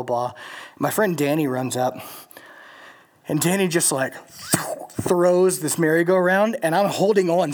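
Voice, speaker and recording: A young man from Louisiana leading a college group, telling stories in a casual, rambling sermon full of filler words and restarts. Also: on the high side. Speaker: college ministry leader. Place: in front of a live group.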